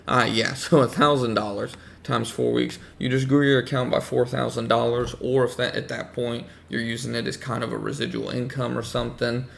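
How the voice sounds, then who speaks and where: A man hosting a casual livestream, hoarse as he loses his voice, rambling and repeating himself while greeting chat viewers. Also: medium pitch, flat delivery, fairly quick, few pauses, a bit bright. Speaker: livestream host talking trading.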